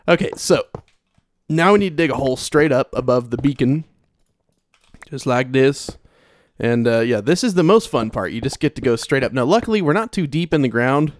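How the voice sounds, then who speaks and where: A man's voice: medium pitch, dry recording, studio quality. A young man hosting a game let's play, chatting casually and rambling as he talks straight to viewers. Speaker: Minecraft let's play host. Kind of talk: casual gameplay commentary.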